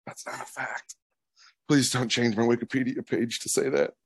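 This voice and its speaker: A man's voice: mid-range voice, steady tone, breathy edge. A man co-hosting a podcast, chatting casually and teasing his co-host with jokes. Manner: teasing, joking, quick to laugh. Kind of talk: casual chat.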